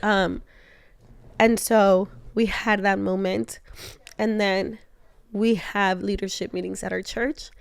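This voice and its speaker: A young adult woman telling a personal story in an animated way to her husband, laughing often and acting out the lines she quotes. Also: medium pitch, clean tone, dry recording, studio quality. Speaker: co-host of a couple's talk show.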